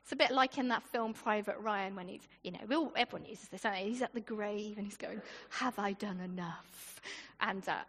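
A high-pitched woman gives a lively, conversational sermon in a church. Her voice rings out with a long hall reverb, and she keeps breaking into informal asides and chuckles. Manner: chatty and animated, with asides and laughter. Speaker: preacher.

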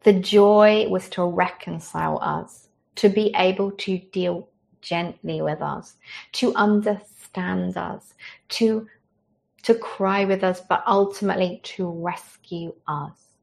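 A woman preacher delivering a sermon in an earnest, gentle, conversational way, ending in prayer. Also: fairly low pitch, fairly even intonation, takes it slowly, vocal fry.

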